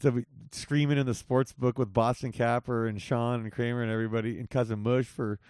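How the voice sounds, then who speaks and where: A man in his forties hosts a podcast and banters with an old friend, swearing freely and joking. His voice sits at a middling pitch. It is recorded close and dry, with no room echo. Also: little pitch movement, brisk, darkish tone, clean tone. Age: 40s. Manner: loose, profane, joking banter. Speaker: podcast host. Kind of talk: casual chat. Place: Las Vegas.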